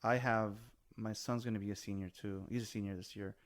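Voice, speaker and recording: Lowish-voiced guy in his 40s telling stories, swears a lot, drops spanish phrases. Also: brisk. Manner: animated storyteller, swears freely, mixes in Spanish. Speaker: podcast host. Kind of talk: casual chat.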